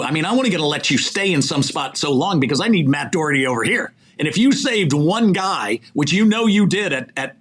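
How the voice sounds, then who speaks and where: A man, a sports executive recruiter and podcast guest, talking in a preachy, animated way about faith and asking rhetorical questions. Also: fairly high pitch, breathy edge. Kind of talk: faith-centered motivational conversation.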